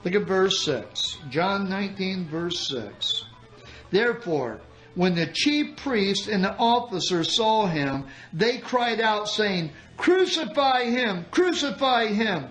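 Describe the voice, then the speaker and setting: A man delivers a sermon in a slow, deliberate cadence with dramatic pauses. His voice sits fairly high and moves lively up and down as he reads scripture and explains it to the congregation. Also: soft background music, low-quality recording. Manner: preaching with dramatic pauses, reading scripture aloud. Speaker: pastor.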